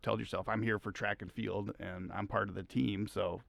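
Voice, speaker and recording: A middle-aged man, a high school track coach, telling rambling stories as a podcast guest, laughing often. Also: little pitch movement, normal speed, gravelly, a bit bright, dry recording. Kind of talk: casual podcast conversation.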